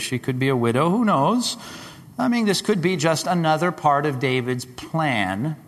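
A man preaching a sermon, dramatic, rising to loud high questions and dropping to hushed low tones. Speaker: pastor. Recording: long hall reverb.

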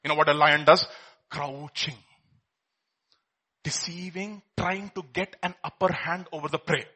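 A man preaching a sermon, telling a film story with swings from hushed to loud. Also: fairly high pitch, steady tone, a little slow, husky. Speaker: pastor.

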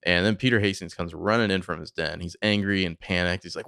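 A man's voice: sits low, fast talker, gravelly, smooth, no room sound, studio quality. A man co-hosting a podcast, recapping a TV episode casually with lots of fillers. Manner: conversational, filler-heavy, animated storytelling. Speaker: podcast co-host.

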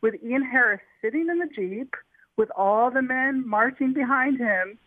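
A woman's voice: a little high, normal speed, dry recording. A woman author being interviewed, telling a story eagerly, with frequent restarts and fillers. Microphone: telephone. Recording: tinny phone line, dry.

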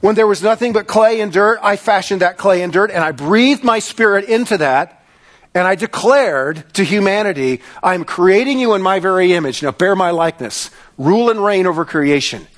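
A man's voice: high-pitched, expressive, normal speed, pitched above the performer's own voice. A man preaching in the voice of God, an almighty eternal creator, proclaiming in a declamatory way.

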